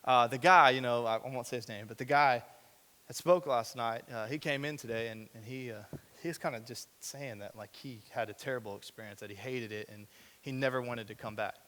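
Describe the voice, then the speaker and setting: Young man, youth-group preacher, chatty sermon with rhetorical questions, bright edge, big hall reverb. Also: medium pitch, fairly quick. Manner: conversational preaching with acted asides, rhetorical questions. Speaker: young adult ministry director. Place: church hall.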